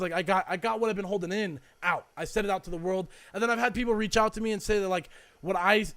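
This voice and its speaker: A young man co-hosting a podcast, talking in a rambling, reflective way with lots of fillers. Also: high voice. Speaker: podcast co-host. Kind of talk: casual chat.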